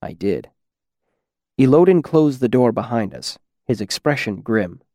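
A man narrating a first-person story at a steady, even pace. His voice has a mid pitch. The recording is dry and close with no room sound. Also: unhurried, no echo. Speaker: audiobook narrator.

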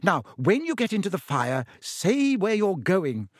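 A man's voice: sits high, sing-song, unhurried, dry recording, clean studio sound, voice pushed up, full character voice. A man voicing an eager, helpful young wizard boy who gives earnest advice.

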